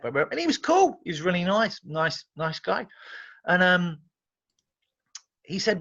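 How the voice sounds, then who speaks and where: An English man, a guest musician, telling animated, rambling anecdotes in casual chat, often restarting his sentences. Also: fairly high pitch, unhurried, long pauses, muffled recording.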